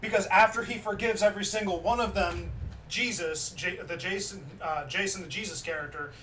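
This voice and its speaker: A man streaming in a casual chat, retelling a story in a loose, animated way with many fillers. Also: high voice, brisk. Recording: distant mic with faint background noise.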